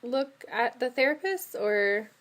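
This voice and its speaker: A woman's voice: on the high side, lively intonation, slow pace, very noisy. A woman interviewer who asks her questions tentatively, rephrasing as she goes with "like" and "kind of.".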